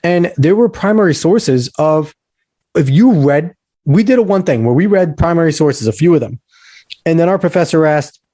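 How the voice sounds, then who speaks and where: A man's voice: on the high side, animated, moderate pace, mellow, no echo. A man hosting a podcast, ranting with heated emphasis and lecturing on history. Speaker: podcast host. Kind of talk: casual podcast talk.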